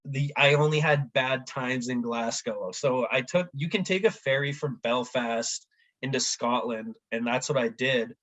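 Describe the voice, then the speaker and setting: Man, casual storytelling, animated, acts out voices, fillers. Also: medium pitch, unhurried, poor audio. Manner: animated, acts out quoted voices, says "like" often. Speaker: podcast guest.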